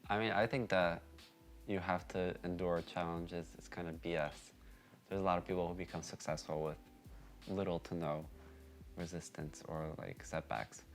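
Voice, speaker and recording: A young college-age man with a very deep voice and a slight lisp gives blunt, dry answers, often sarcastic and short. Faint music plays underneath. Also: fairly even intonation, normal speed. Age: young adult. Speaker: interview guest, college student. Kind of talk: casual interview answers.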